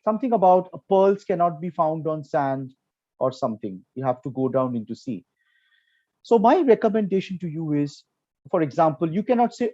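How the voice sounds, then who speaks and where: Bengali-accented man, dark dull call audio. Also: high voice, animated, moderate pace, dry recording. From Kolkata, India. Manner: earnest, explanatory, with frequent fillers. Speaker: program quality director. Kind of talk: online panel discussion.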